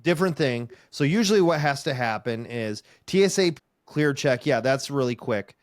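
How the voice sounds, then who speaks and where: A man's voice: mid-range voice, expressive, normal speed, dry recording. Wry, rambling male comedian in a dry room. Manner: wry, rambling storyteller who acts out other voices. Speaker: comedian and podcast co-host. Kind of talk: casual chat.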